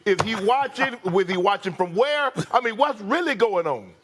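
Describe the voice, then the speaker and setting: A man's voice: sits high, animated, moderate pace, fairly bright tone. Teasing man with a raised voice, joking around. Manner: teasing, drawling, laughs between jokes. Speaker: sports commentator. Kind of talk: studio sports banter.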